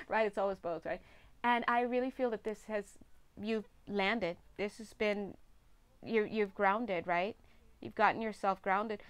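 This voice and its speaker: A woman's voice: medium pitch, unhurried, pauses often, clear, resonant tone. A woman giving a chatty, casual tarot reading, laughing often. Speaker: tarot reader.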